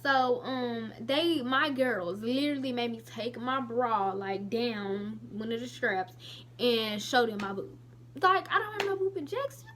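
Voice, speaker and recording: Chatty young woman, slightly high voice. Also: a little slow, a little hiss or hum. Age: late teens. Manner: chatty, animated retelling with lots of "I was like". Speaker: vlogger. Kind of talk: casual storytelling to camera.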